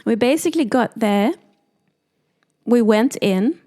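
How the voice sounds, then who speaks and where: South African woman, doula guest; lively storyteller who acts out the people she quotes. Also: fairly high pitch, measured pace. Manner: animated, acts out quoted voices. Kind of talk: storytelling interview.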